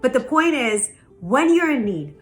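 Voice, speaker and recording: A woman hosting a motivational spiritual talk, telling stories in an animated way and often asking "right?". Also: high voice, unhurried, soft background music. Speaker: host.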